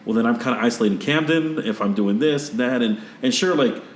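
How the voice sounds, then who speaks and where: A man hosting a podcast, chatting casually and telling animated stories that act out what people said. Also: medium pitch, brisk, a little hiss or hum. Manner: animated storyteller acting out quotes. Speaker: podcast host. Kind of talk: casual conversation. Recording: roomy echoey sound.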